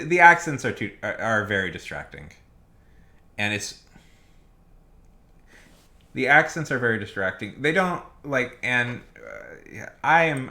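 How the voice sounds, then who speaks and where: A man's voice: lowish voice, pushed and bright. A man livestreaming casual, rambling commentary, emphatic and repeating his points. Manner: emphatic, repeats himself, restarts often. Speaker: streamer.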